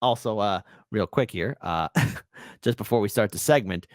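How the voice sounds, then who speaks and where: A man hosting an online commentary show, reacting to news clips in an animated, mocking way with sudden shouted bursts. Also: mid-range voice, a little fast, clean tone, no room sound, clean studio sound. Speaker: host.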